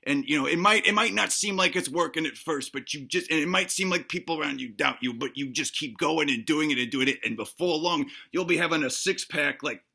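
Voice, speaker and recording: A gravelly, bright-edged voice of a dim-witted cop played by a man, rambling through absurd health tips with constant stammers and restarts. The tone is tense and cutting yet husky, and he boasts with clueless confidence. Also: a little high, brisk, hardly any pauses, heavily acted. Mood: boastful. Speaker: comedy sketch performer. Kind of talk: comedic character monologue.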